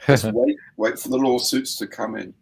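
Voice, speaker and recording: A man's voice: mid-range voice, wildly swooping pitch, normal speed, gravelly, husky, low-quality recording. An older man chatting on a hobby livestream, telling wry, grumbling stories about home life. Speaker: co-host on a modelling stream. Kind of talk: casual group chat on a modelling stream.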